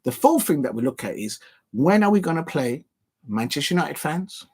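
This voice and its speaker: A young man from England, hosting a football watch-along in animated, casual chat, laughing often and repeating catchphrases. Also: fairly high pitch, moderate pace, slightly rough.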